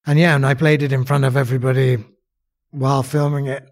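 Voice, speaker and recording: A man's voice: medium pitch, flat delivery, fast. A man, an actor, talking casually in an interview, rambling and self-mocking with restarts. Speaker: actor and songwriter guest.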